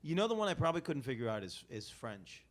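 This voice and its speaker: A man's voice: mid-range voice, sing-song, fast talker. A man hosting a podcast, chatting casually and joking, often trailing off and restarting his sentences. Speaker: podcast host. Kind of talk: casual chat.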